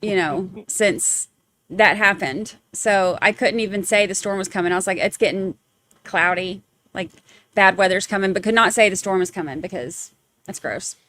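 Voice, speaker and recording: A woman's voice: medium pitch, normal speed, bright, forceful tone. A woman hosting a true crime podcast, rambling in casual chat with many fillers. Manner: chatty, rambling, lots of fillers.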